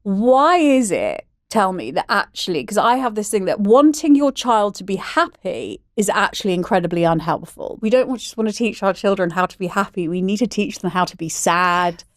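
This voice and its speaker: A woman's voice: medium pitch, lively intonation, normal speed, hardly any pauses, no echo, clean studio sound. A woman hosting a podcast, talking frankly and candidly in a casual conversation. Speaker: podcast host.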